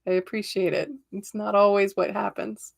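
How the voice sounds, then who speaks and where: A woman with a slightly gravelly, fry-tinged voice hosting a relaxed tarot livestream. She talks in an upbeat, chatty way, telling stories and often checking in with her viewers. Her pitch sits in a middle range. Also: moderate pace. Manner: upbeat, chatty, storytelling with many "right?" tags. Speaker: tarot reader and livestream host. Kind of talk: casual livestream chat.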